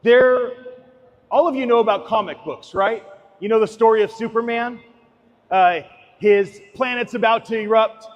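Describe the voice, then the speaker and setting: Man, high voice, preachy talk with big swings from loud to hushed; dull, muffled sound in a reverberant hall. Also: moderate pace. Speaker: speaker giving a talk. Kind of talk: impassioned sermon-like talk.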